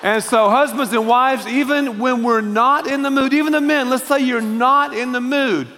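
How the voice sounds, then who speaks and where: A man's voice: very high voice, moderate pace, big-room sound. A male pastor preaching a sermon, joking and speaking directly to the congregation. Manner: animated, joking, addressing the congregation.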